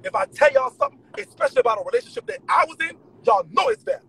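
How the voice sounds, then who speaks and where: Man, profane emphatic rant, gravelly, fast-talking, traffic noise behind. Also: very high voice, rough recording. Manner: animated, profane, emphatic venting. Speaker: vlogger. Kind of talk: ranting straight to camera.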